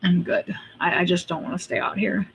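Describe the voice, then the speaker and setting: A woman's voice: lowish voice, fairly even intonation, a little fast, creaky, slight background noise. Exasperated woman ranting casually. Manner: blunt, exasperated ranting with frequent laughs. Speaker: livestream host. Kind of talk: casual livestream chat.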